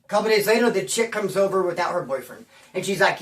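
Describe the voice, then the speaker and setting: A man's voice: sits high, lively intonation, fast talker, reverberant, far from the mic. Casting: rambling slang-talking man, story monologue, mic set back from him. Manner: rambling slang-heavy street talk, acts out quoted voices. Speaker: storyteller recounting prison-life stories.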